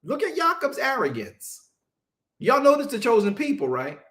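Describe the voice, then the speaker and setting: A male preacher teaching a Bible-study sermon, emphatic and conversational, drawing answers from his listeners and slowing down to stress scripture. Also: very high voice, huge pitch swings, fairly bright tone. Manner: casual Southern-leaning vernacular, mocking asides.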